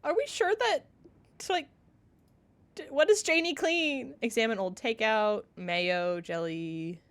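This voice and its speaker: A woman's voice: a little high, slow pace. A woman playing a story game, reading its narration aloud and chatting between lines in a giggly, chatty way. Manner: giggly, chatty, reads narration then comments. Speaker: let's-play streamer. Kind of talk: casual game playthrough, reading game text aloud.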